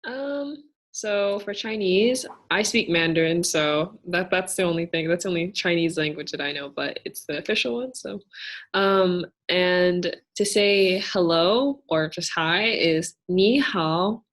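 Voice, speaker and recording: A woman's voice: fairly low pitch, a little slow. A young woman, a student presenter, explaining things in a careful, hedging, casual way. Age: young adult.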